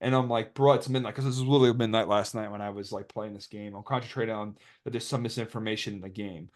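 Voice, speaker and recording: A man's voice: on the low side, fairly even intonation, quick pace. A young man casually commentating over his card game replays, rambling and joking as he retells a dispute. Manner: rambling, joking, quotes others in put-on voices.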